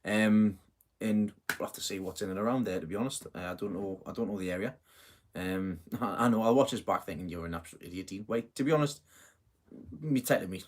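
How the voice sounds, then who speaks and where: A middle-aged man hosting a casual live stream, chatting in a rambling way, full of fillers and self-corrections. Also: fairly low pitch. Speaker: host of a live gardening stream.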